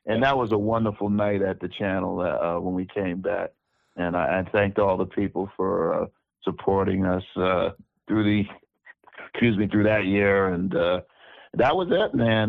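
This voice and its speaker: A man's voice: low voice, vocal fry, no echo, phone-quality sound. A man over sixty, a musician guest, telling stories in a casual interview, often repeating words as he goes.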